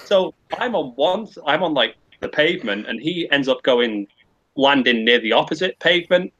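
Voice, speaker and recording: Husky man telling a rambling story. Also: fairly high pitch, lively intonation, normal speed, fairly bright tone, muffled recording. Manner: rambling, profane, frequent restarts. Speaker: podcast co-host. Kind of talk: casual storytelling.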